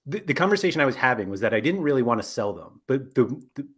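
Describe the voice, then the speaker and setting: A man hosting a podcast in an easygoing, unscripted chat, his voice sitting at a middle pitch. He rambles and keeps correcting himself as he goes. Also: very animated, fast, husky. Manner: rambling, self-correcting, frequent fillers. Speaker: podcast host.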